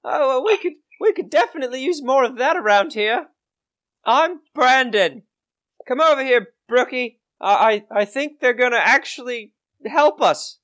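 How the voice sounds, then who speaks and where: A man voicing a scared but defiant young farm boy, talking in a high, blustering voice with cockney-tinged exclamations. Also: lively intonation, moderate pace, a bit bright. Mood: wary.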